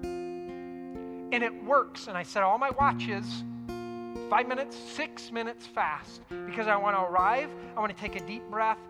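A man preaching a sermon earnestly, repeating key phrases for emphasis and dropping into soft, reflective tones. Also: high-pitched, unhurried, in a large hall. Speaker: pastor. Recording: music playing underneath.

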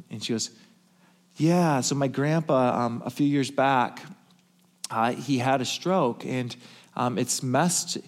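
A male pastor preaching, telling a story in a hushed, tender voice and then building to emphatic calls. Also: medium pitch. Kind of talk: sermon storytelling.

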